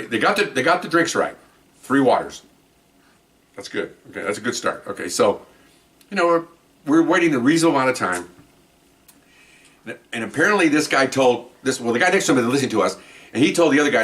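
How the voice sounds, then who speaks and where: A man spins a casual story for his podcast, rambling and animated, with laughter breaking in now and then. His voice sits at a middle pitch. He is recorded from a little way off the mic. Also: distant mic. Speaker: podcast host telling cop stories.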